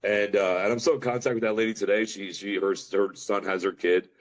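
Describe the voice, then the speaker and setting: A middle-aged man from Pennsylvania, a podcast guest telling a rambling story, with a deep voice and casual slang. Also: level tone. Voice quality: deep voice often remarked on. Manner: rambling, fast, says bro and dude.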